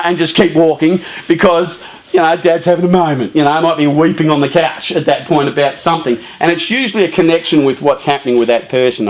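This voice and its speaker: A man giving a casual, lively talk to a youth group, often saying "you know" and "um". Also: fairly high pitch.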